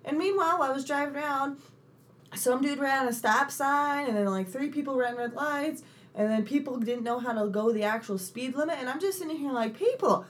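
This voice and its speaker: A young woman co-hosting a relaxed podcast, her voice sitting a little high. She tells stories with lots of energy, swears easily, and acts out the people she quotes. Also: a little fast. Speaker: podcast co-host. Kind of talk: casual chat.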